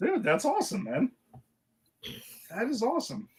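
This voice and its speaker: A man's voice: very high voice, huge pitch swings, moderate pace, slightly rough, low-quality recording. A man hosting a podcast, chatting in an easygoing way, laughing often and using loose fillers. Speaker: podcast host. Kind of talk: casual podcast chat.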